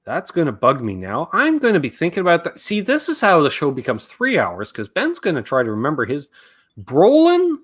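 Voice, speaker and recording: A man's voice: on the high side, wildly swooping pitch, a little fast, hardly any pauses, fairly bright tone. A Canadian man hosting a live Q&A stream, casual and rambling, joking around and reading chat comments aloud.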